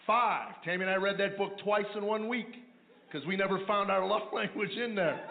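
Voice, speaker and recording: A man doing a stand-up comedy routine, telling stories about marriage in a dry, deadpan way, with mumbling asides in other voices. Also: high voice, moderate pace, vocal fry. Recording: echoey, tinny lo-fi radio replay of a live set.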